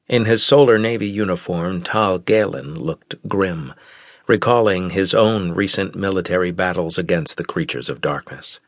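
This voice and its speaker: A man narrating a science fiction audiobook in a measured, steady way. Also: deep voice, dry recording, clean studio sound. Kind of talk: scripted narration.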